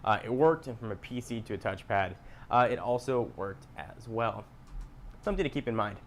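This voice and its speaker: A man presenting a scripted gadget review in a measured, explanatory way. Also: mid-range voice, lively intonation, slight background noise. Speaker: tech reviewer.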